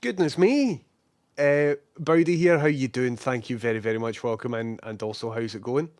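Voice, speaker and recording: A young Scottish man with a slightly hoarse voice from a cold, casually chatting as a live streamer and greeting viewers by name. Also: mid-range voice, steady tone, a little fast, darkish tone, no room sound, clean studio sound.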